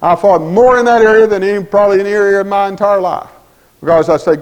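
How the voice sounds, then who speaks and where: A man's voice: high-pitched, quick pace, poor audio. A man preaching a sermon in a folksy storytelling way, acting out conversations.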